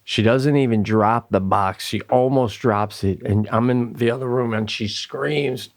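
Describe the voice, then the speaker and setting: A middle-aged man co-hosting a comedy podcast, talking expressively and laughing often in a casual chat. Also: normal speed. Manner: expressive, rises high when worked up, laughs often.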